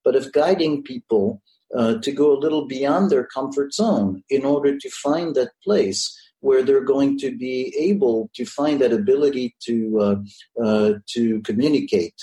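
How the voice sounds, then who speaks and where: A man interviewing, reflecting back thoughtfully with many pauses and fillers. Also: mid-range voice, dark tone, low-quality recording.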